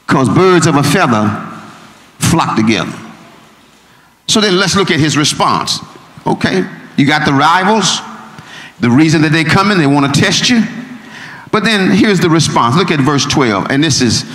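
A male pastor preaches in a slightly higher voice, building from steady teaching up to ringing, shouted points. His words carry through a roomy church with a long, lingering reverb. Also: normal speed, pauses often. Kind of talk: sermon. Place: church sanctuary.

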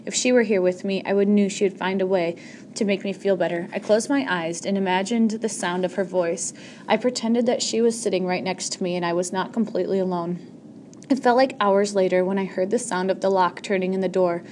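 A woman's voice: mid-range voice, fairly even intonation, brisk, a little mellow, a little hiss or hum. A woman narrating an audiobook chapter in the first person, reading steadily with a few small slips.

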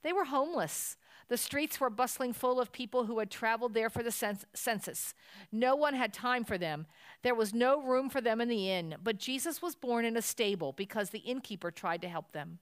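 A grave, kindly church helper in a storybook, read by a woman. The speech is gentle and serious, the voice smooth and clear in a dry, close recording. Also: on the high side, moderate pace, no room sound, lightly acted.

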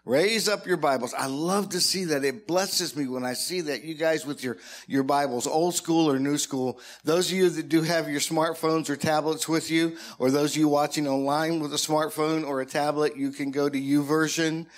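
A man's voice: a little high, steady tone, moderate pace, few pauses. A man preaching in a church as pastor, talking conversationally and joking with his congregation. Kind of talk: sermon.

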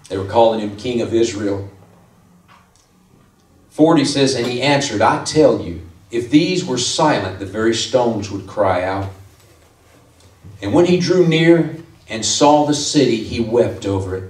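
A man's voice: fairly low pitch, darkish tone. A man preaching a conversational sermon as pastor, lifting his voice to stress key points. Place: church sanctuary. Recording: echoey room from far off.

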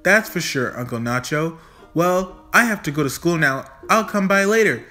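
A cheerful, caring young niece from a storybook, chirpy and lively, as a man puts her on. The voice sits high and sounds bright and forceful, with faint music underneath. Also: normal speed.

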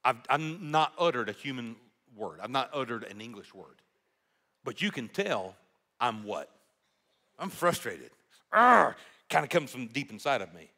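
Guy preaching, bright voice, pitch all over the place, lots of emphasis. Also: measured pace. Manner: animated, emphatic preaching with rhetorical questions. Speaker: pastor. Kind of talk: sermon.

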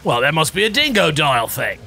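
A man's voice: fairly high pitch, big pitch swings, fairly quick, creaky, bright, forceful tone, faint music behind. A man playing through a game on a let's play show, cursing and sarcastic in casual commentary. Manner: profane, exasperated and sarcastic.

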